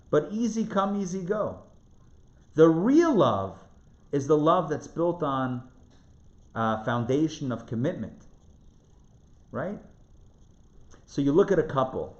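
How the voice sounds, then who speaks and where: A man who is a rabbi teaching a live class, asking rhetorical questions and repeating phrases for emphasis. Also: a little high. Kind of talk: live lecture on Jewish spiritual text. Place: lecture room in front of a live audience. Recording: roomy, somewhat dull live recording.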